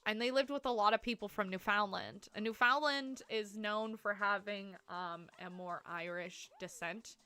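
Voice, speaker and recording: A woman from Canada, chatting casually with viewers as she comments on her gameplay, rambling, full of "like" fillers and quick to laugh. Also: medium pitch, pushed and bright, smooth. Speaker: streamer.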